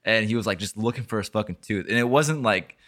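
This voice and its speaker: Low-voiced young man telling a rambling story. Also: fast talker, a bit bright. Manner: rambling, heavy swearing, lots of fillers. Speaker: podcast host. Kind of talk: casual storytelling chat.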